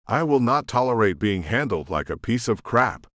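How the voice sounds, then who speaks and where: A man's voice: mid-range voice, sing-song, normal speed, fairly bright tone, no echo, clean studio sound. A man voicing an entitled woman who shrieks and berates a worker in an audiobook. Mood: indignant. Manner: shrieking, haughty. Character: shrill entitled woman throwing a tantrum. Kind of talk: audiobook narration.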